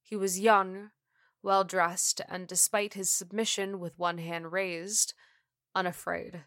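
A woman reads a horror story with slow, deliberate pacing. Her voice is bright and sits a little low, recorded dry and close with no room around it. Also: flat delivery, no echo. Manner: measured, deliberate reading. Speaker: narrator. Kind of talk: scripted horror story narration.

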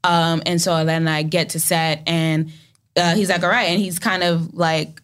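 A young woman, an actor guest in an interview, telling animated stories and acting out quotes. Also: lowish voice, unhurried, smooth. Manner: animated storytelling, acts out quotes. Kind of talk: casual interview talk.

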